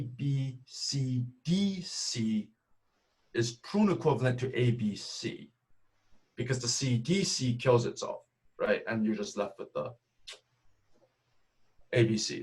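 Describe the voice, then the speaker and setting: Man, math seminar talk, step-by-step, video call audio. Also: mid-range voice. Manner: explains step by step, often asks "right?". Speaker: math speaker.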